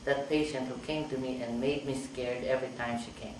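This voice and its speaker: A man's voice: medium pitch, fairly even intonation, fairly quick. A middle-aged man, a psychiatrist, telling stories about his patients to a meeting audience and acting out their lines. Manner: storytelling, acts out patient dialogue. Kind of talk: anecdotal talk to an audience. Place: meeting hall. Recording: echoey hall, speaker far from mic, noisy.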